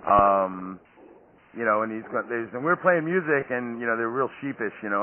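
This podcast host chats casually with his guest, wandering off track and filling the gaps with fillers and restarts. He's a man with a mid-range voice at a moderate pace, heard over thin, phone-line audio with a little background noise.

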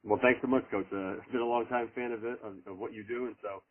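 A man's voice: medium pitch, steady tone, fast talker. A middle-aged man, a college lacrosse head coach, answering interview questions earnestly and at length with many fillers. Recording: tinny phone line.

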